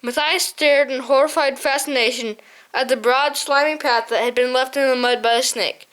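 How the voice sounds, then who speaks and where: A woman reading a storybook aloud in a high, light voice. Her narration is steady, with the odd stumble she corrects and moves on from. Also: normal speed. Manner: steady reading with small slips and self-corrections. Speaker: audiobook narrator. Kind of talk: scripted narration.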